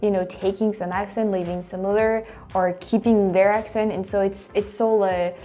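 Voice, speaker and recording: A woman with a French accent hosts, reacting to clips with bursts of excitement. Her voice is mellow and warm rather than bright, at a middle pitch. Light music sits faintly underneath. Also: moderate pace. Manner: excitable, effusive. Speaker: host. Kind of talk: casual reaction commentary.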